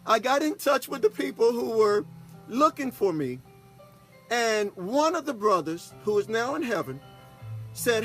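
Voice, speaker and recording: With faint music behind him, a man who pastors and hosts a broadcast shares a personal anecdote in a folksy, relaxed way, repeatedly asking listeners "okay?" He's from Texas. His voice is very high-pitched and fairly bright, with big pitch swings and a slightly slow pace.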